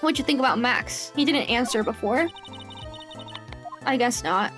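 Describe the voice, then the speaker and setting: Giggly woman streamer, casual game chat, high and slow. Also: expressive, music in the background. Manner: giggly, playful.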